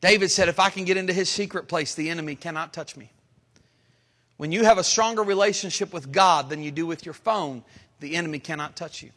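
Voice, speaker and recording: A man pastor preaching a sermon, rising into emphatic, dramatic lines and pausing between phrases. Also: on the high side, fairly bright tone. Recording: long hall reverb.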